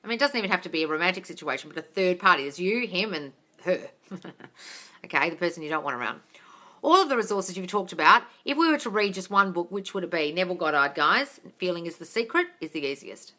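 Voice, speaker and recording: Loud, blunt Australian woman. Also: on the low side, lively intonation, fast. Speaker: mindset coach hosting a live Q&A. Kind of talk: casual live-stream Q&A, reading out comments. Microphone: phone livestream.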